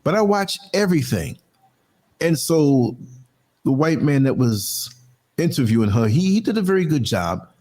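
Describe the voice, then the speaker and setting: Husky man talking emphatically on a podcast. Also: sing-song, moderate pace, darkish tone. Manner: emphatic, conversational, swings pitch widely for stress. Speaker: podcast host. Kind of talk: casual monologue commentary.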